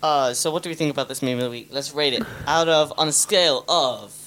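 A man's voice: fairly high pitch, fast talker, fairly bright tone, a little hiss or hum. A man co-hosting a podcast with his sister, chatting hesitantly and teasing her dryly. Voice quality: hesitant, full of restarts, dry teasing. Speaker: podcast co-host. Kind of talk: casual chat.

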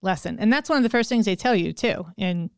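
Middle-aged female podcast co-host with a smooth, dry, close sound, telling a lively story. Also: medium pitch, a little fast, no echo. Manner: animated, laughing, acts out quoted lines. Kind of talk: casual storytelling chat.

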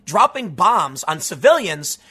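A man giving a casual, animated commentary monologue, tossing in "dude" and "man" as he talks. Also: high-pitched, measured pace, slightly rough. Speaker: political commentator.

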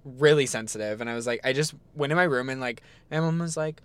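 A young man chats casually on a podcast, rambling through a personal story with constant filler words. His voice is of medium pitch and he slips into livelier quoted bits as he goes. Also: fast talker, clear, resonant tone, no room sound. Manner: rambling, frequent "like" fillers, animated retelling. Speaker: podcast co-host.

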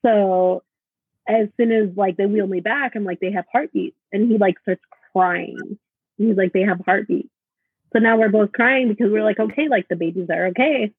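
Podcast guest, woman, husky, halting chat, dry close sound. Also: mid-range voice, dry recording. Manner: halting, filler-heavy storytelling. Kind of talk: casual chat. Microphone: video call. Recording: tinny phone-like video call audio.

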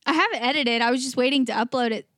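High-voiced laughing podcast woman. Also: fairly bright tone, no echo, clean studio sound. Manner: laughing, teasing, quick asides. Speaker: podcast co-host. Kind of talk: casual chat.

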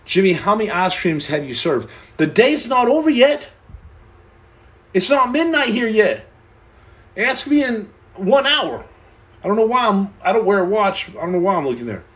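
Guy hosting a stream from his room, high-ish voice, bragging tall tales w a straight face. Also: normal speed, long pauses. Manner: boastful deadpan joking with tall tales. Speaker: livestream host answering viewer comments. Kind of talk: joking livestream chat. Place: room at home, indoors.

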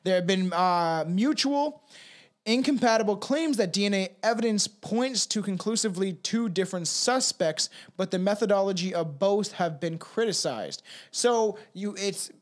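A man's voice: high voice, normal speed. A man co-hosting a casual true-crime podcast, rambling and profane, reading passages aloud between asides. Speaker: podcast co-host.

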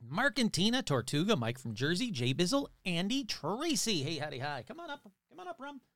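A man hosting a paranormal podcast in a casual, upbeat, rambling way, reading off playful shout-outs. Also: high-pitched, huge pitch swings, brisk, no echo, clean studio sound. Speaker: podcast host. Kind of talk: casual chat.

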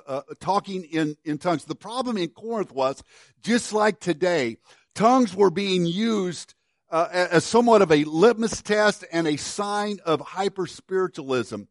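A middle-aged man preaching a sermon in a conversational way, restarting and repeating words, and dropping to a quiet low voice on key words. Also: dry recording, clean studio sound. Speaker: pastor.

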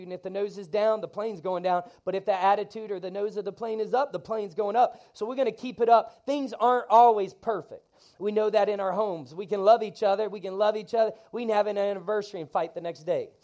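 A man preaching an energetic sermon to his congregation in a church, leading call-and-response lines. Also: high voice, fast. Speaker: pastor.

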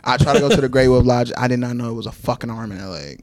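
A man's voice: mid-range voice, fairly even intonation, very fast, darkish tone, dry recording. A man co-hosting a casual podcast chat, laid-back and profane, laughing often. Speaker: podcast co-host.

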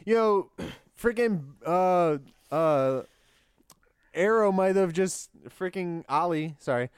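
A man's voice: sits high, takes it slowly, smooth, no room sound, clean studio sound. A young man hosting a podcast, chatting casually and laughing as he talks. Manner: animated, laughing. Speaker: podcast host. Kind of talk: casual chat.

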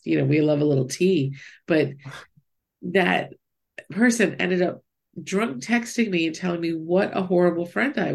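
Gravelly, husky woman telling a story. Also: low voice. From US East Coast, Pennsylvania. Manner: animated storytelling, quoting others. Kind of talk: casual chat.

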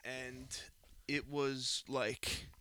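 In a casual podcast chat, a man retells a story with animated heat, swearing freely and growing louder as he goes. His ordinary-pitched voice is clean, extremely slow, and recorded close and dry with no room sound.

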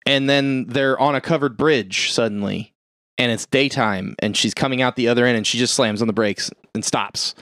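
A man recaps a horror movie in loose, rambling chat, peppering it with profanity and little acted-out lines from the characters. His voice sits at an ordinary middle pitch. The sound is dry and close. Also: normal speed, a bit bright, no room sound. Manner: profane, rambling, acts out quotes. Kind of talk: casual chat, retelling a movie.

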